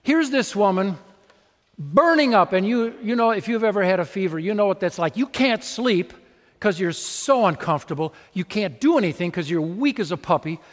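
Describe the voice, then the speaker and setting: Male pastor, slightly high voice, lively and conversational sermon delivery, long church reverb. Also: normal speed. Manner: conversational and animated, acting out little scenes.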